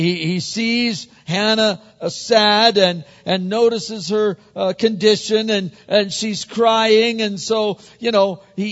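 A male pastor preaching a conversational sermon, often repeating words as he builds to a point. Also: high voice. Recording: muffled sound with long hall reverb.

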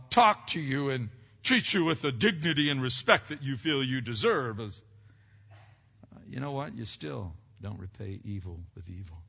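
A man preaching a sermon, swinging between loud emphatic passages and quiet earnest asides, asking the congregation questions and answering them himself. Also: on the high side, gravelly. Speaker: pastor. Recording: dull lo-fi recording with long hall reverb.

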